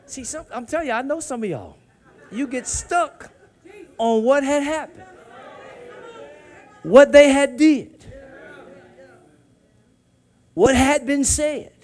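High-voiced preacher shouting and hushing. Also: male voice, slow pace, pauses often, some chatter behind. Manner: call-and-response preaching, swings from hushed to shouting. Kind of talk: sermon.

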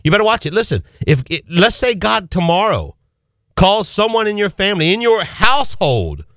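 A man hosting a call-in radio show, preaching with fervent, rapid-fire rhetorical questions from a studio. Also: sits high, big pitch swings, a bit bright, no echo. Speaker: radio talk show host.

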